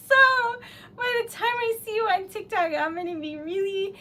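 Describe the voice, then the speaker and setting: A young woman, hosting a late-night livestream, giggling and tearfully thanking viewers, her voice going hoarse. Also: very high voice, normal speed. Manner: giggly, emotional, tearful gratitude. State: losing her voice. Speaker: livestream host. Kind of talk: casual livestream chat. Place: home at midnight.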